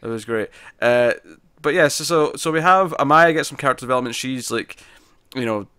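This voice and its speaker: A man's voice: medium pitch, brisk, bright, forceful tone, smooth, no echo, studio quality. A man co-hosting a podcast, chatting casually about TV episodes and rambling with frequent restarts. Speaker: podcast co-host. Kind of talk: casual TV review chat.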